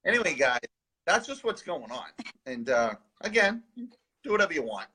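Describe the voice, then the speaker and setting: A man co-hosts a live spiritual stream in a sarcastic, rambling chat. His voice sits high and jumps around a lot. It is bright, with a husky edge. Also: big pitch swings, moderate pace. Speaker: co-host of a live spiritual advice show.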